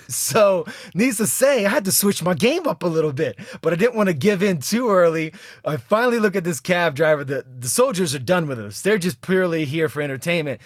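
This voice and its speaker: A young man co-hosting a podcast, telling a travel story in a casual, animated way and laughing often. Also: a little high, brisk, no echo, clean studio sound. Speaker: podcast co-host.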